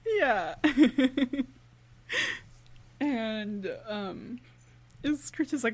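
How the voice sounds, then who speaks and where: A woman's voice: fairly high pitch, expressive. A woman co-hosting a podcast, recapping a cartoon in an easygoing chat, often laughing and agreeing with her partner. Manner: unhurried, laughs often, quick agreeing replies. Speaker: podcast co-host.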